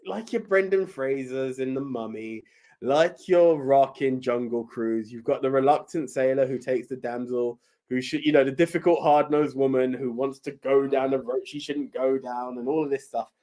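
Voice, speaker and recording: A man, co-hosting a podcast and rambling about a film with halting restarts. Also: mid-range voice, mellow. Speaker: podcast co-host. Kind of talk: casual chat, film review.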